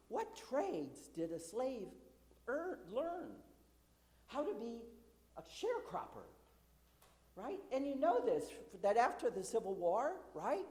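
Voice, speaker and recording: A woman preacher delivers a conversational sermon from a church, her pitch set a little high and moving a great deal. She throws rhetorical questions at the congregation and drops in dry, sarcastic asides. The sanctuary's long reverb trails after every phrase.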